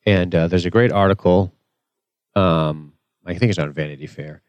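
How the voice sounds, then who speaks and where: A man co-hosting a casual TV recap chat, answering in a low-key, measured way. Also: smooth, no room sound. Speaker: podcast co-host.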